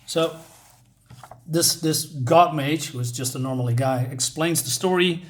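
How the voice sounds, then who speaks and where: Rambling man with a slightly high voice. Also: measured pace. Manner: rambling, many fillers, reads quotes aloud. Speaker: comic book reviewer. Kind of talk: casual review, retelling a story.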